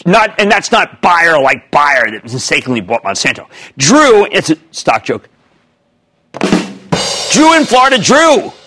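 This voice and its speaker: This is an older man hosting a television stock show, with a husky, high voice that swings wildly in pitch. He talks loud and theatrical, jumping between shouts and mutters. Faint music plays under him. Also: very animated, unhurried, pauses often, poor audio. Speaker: TV host. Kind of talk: excitable TV stock commentary.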